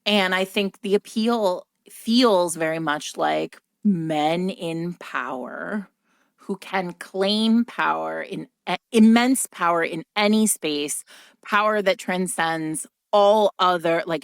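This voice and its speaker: A woman with a fairly low voice co-hosts a podcast in relaxed, chatty conversation. She is middle-aged and thinks out loud, drifting into asides. The sound is dry and close. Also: gravelly, clear, resonant tone, no echo. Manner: chatty, thoughtful, trails into asides. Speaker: podcast co-host. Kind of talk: casual chat.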